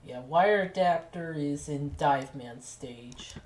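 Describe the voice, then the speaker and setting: A woman's voice: deep voice, a little mellow. A woman streaming a game, chatting casually and muttering at it as she plays. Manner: slow, offhand, mutters at the game. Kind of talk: casual gameplay chat. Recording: echoey room.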